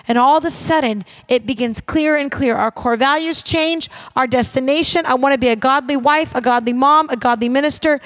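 Woman minister, high-pitched, dry close sound, emphatic conversational preaching. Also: moderate pace, hardly any pauses, a bit bright, dry recording. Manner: emphatic, direct and conversational, addressing the audience. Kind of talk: sermon.

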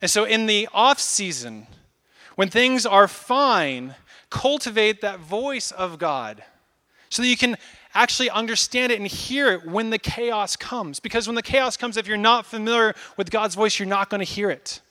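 Lively, bright-voiced male preacher. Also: high-pitched, normal speed. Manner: animated, conversational preaching with acted-out asides. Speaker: pastor. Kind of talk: sermon.

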